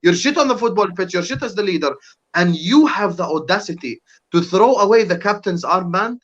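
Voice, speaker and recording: A man's voice: sits high, lively intonation, fairly quick, a bit bright. Young man ranting, dull lo-fi audio. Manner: heated ranting with swearing. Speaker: podcast guest, rival fan. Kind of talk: casual podcast chat.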